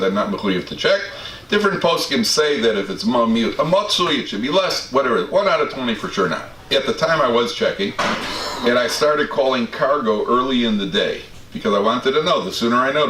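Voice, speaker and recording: Male rabbi-lecturer, anecdotal and wry; deeper voice, faint room hum behind. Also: fairly bright tone. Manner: anecdotal, self-deprecating humor with frequent restarts and stammers. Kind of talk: storytelling talk to an audience. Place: community study hall. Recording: roomy hall from a distance, faint background ambience.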